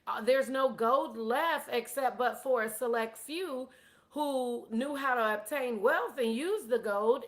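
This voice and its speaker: A woman voicing a wise royal chancellor who calmly explains things in a retold story. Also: on the high side.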